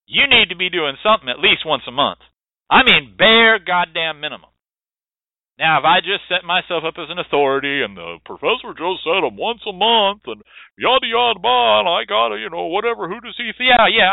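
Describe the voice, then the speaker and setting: This radio host teaching hoodoo rootwork has a high, creaky voice with no echo, heard over a tinny, dry line that sounds like a phone. His lecturing is emphatic and preachy, peppered with frequent profanity and repeated points.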